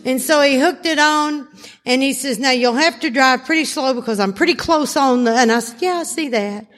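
High-voiced woman telling a story in a hall. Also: normal speed. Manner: animated, laughing storyteller. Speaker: recovery workshop speaker. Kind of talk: storytelling talk to a live audience. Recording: hall reverb, faint noise.

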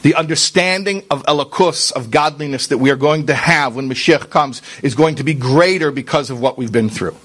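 Earnest rabbi with a slightly high voice. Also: male voice, fairly quick, hardly any pauses, fairly bright tone. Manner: earnest, talks straight to listeners with rhetorical questions; mixes in Hebrew and Yiddish religious terms. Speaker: rabbi giving a Torah class. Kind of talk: conversational sermon.

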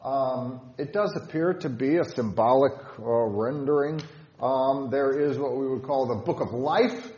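A man's voice: medium pitch, measured pace, darkish tone. A male pastor with a Southern Illinois accent, giving a thoughtful catechetical sermon with many fillers. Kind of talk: catechetical sermon with hymn lining. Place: church sanctuary. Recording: echoey church, dull lo-fi sound.

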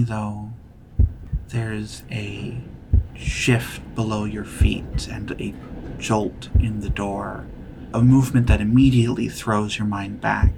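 A man runs a tabletop game, describing each scene in a slow, measured way. His voice sits low and gravelly with very little rise and fall. He takes his time over every line. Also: dark tone, a little hiss or hum, rough recording. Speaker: game master.

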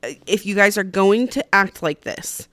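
A woman's voice: medium pitch, animated, normal speed, fairly bright tone, no echo. A woman co-hosting a podcast with wry, teasing quips about parenting. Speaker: podcast co-host, mother. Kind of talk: casual chat.

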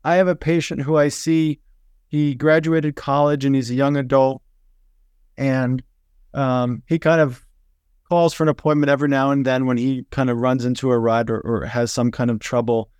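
A man hosting a podcast conversation as a physician, explaining points in a measured way. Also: mid-range voice, flat delivery, a little mellow, smooth, no echo, clean studio sound.

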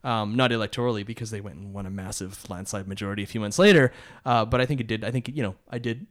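A man's voice: fairly low pitch, quick pace. A man, a podcast co-host, telling a long story in a rambling casual way, full of restarts and short laughs.

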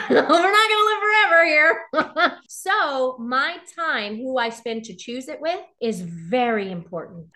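Middle-aged woman guest, animated storyteller, slightly high voice, laughs easily. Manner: animated, laughs often, acts out quoted voices. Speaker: interview guest. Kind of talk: casual interview talk.

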